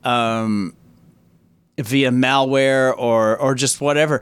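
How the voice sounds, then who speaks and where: A man's voice: medium pitch, takes it slowly, clean tone, no room sound. A man hosting an internet radio show, talking casually in a rambling, profane, sardonic way. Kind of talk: casual chat.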